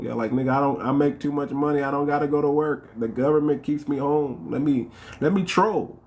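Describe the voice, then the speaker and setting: A man hosting a livestream in a loose, rambling way, circling back over his own words and throwing questions at his viewers. His voice sits at an ordinary middle pitch. A faint hum of ambient noise runs underneath. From United States. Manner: rambling, repeats phrases, fires off rhetorical questions; calls out to viewers by name. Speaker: livestream host. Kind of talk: casual livestream talk.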